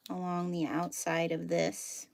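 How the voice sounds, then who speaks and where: A woman's voice: lowish voice, monotone, measured pace, vocal fry. A woman hosting a live sewing tutorial, chatting casually with lots of fillers and thinking aloud as she works. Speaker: sewing teacher hosting a live sew-along.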